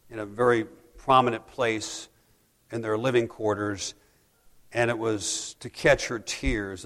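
A man preaching a sermon as a pastor, rising to loud pleading cries and dropping to hushed, soft passages. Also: medium pitch, gravelly, long reverb tail.

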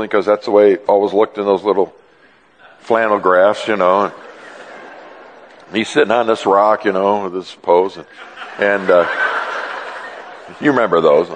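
A male pastor preaching a sermon in an animated, joking way, often acting out dialogue. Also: on the low side, moderate pace, long pauses, a little hiss or hum. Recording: long reverb in a large hall.

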